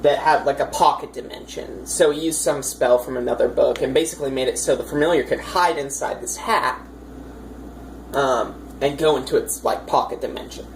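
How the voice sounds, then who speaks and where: Woman game master, low voice, chatty and rambling, faint hiss on the track. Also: moderate pace, creaky, low-quality recording. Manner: chatty, rambling, many fillers, amused. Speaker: dungeon master. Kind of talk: casual storytelling of a tabletop campaign.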